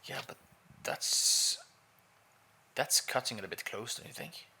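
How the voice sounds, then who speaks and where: A man playing in a tabletop role-playing session, full of playful asides. His voice is gravelly and bright. His pitch swings widely as he talks. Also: lively intonation, a little slow. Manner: playful, blurts out odd quips. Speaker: player. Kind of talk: casual tabletop role-play.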